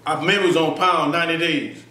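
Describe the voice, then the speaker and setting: A man tells his story in an animated, casual way and keeps checking in with the listener. His voice sits high. He is recorded off-mic in an echoey room. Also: brisk, far from the mic. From Florida, US. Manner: animated, acts out voices, frequent "you feel me". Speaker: interview guest.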